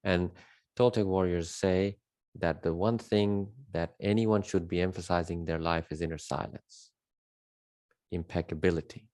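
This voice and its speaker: A man with a very low, deep voice talks through an unscripted spiritual monologue. He leans hard on key words and repeats them, rambling along with fillers. The sound is dry and close, with no room echo. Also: fairly even intonation, moderate pace, a little mellow. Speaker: spiritual teacher.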